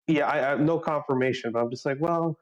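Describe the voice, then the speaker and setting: A man's voice: fairly high pitch, a little fast, muffled recording. Man sharing a theory at book club. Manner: thoughtful, tentative, shares theories. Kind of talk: casual book discussion.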